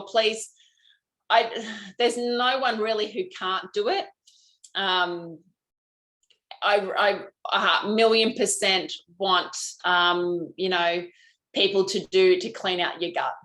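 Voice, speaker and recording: A woman's voice: medium pitch, sharp tone, poor audio. Bubbly Australian woman hosting a live stream. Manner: bubbly, chatty, frank. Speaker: host, lymphatic health practitioner. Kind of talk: live-stream chat answering viewer comments.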